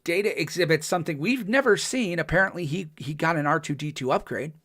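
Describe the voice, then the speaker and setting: A man's voice: a little high, quick pace, no room sound, studio quality. Chatty man recapping a TV episode. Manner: chatty, with frequent ums and restarts; excited, acts out characters' lines in quotes. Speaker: podcast host.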